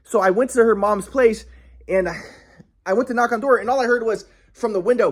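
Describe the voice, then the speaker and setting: This young man's high voice moves a little fast as he recounts something personal in an agitated, rambling way. Profanity comes often, and he frequently starts his sentences over.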